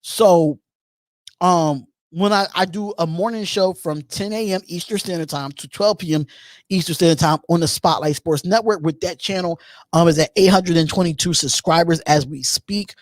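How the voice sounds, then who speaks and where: Call-in show host from Philadelphia, male, high voice, lively and repetitive, dry mic. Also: moderate pace, no room sound. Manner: animated, repeats himself, reads and answers chat questions. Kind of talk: live call-in show chat.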